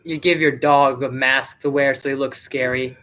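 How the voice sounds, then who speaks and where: Bright-voiced man rambling on a live stream. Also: medium pitch, level tone, normal speed, slight background noise. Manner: rambling and chatty, with many fillers. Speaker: live streamer and movie reviewer. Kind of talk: casual live-stream commentary.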